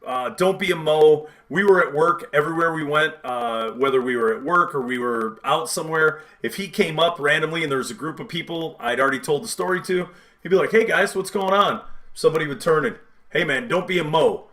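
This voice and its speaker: A man hosting a podcast, telling a story in a rambling, frank and animated way, full of fillers. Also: on the high side, a little fast. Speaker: podcast host. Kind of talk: casual storytelling.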